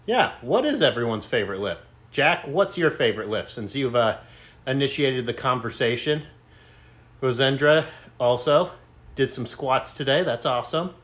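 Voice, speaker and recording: A man's voice: mid-range voice, expressive, moderate pace, a bit bright. A man chatting casually with his live-stream viewers between lifting sets, joking and reading out their comments while out of breath. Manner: chatty, joking, reads out chat. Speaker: fitness streamer. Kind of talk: casual live-stream chat during a workout.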